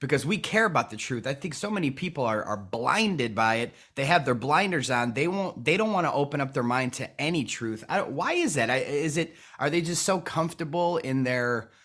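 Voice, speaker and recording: Male podcast host, mid-pitched, excitable, curses freely, keeps restarting his sentences. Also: a little fast, few pauses. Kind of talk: casual podcast talk.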